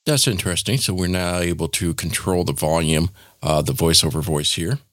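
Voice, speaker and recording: A man hosting a casual software tutorial, explaining each step in an informal, demonstrative way. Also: sits low, normal speed. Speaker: tech tutorial host.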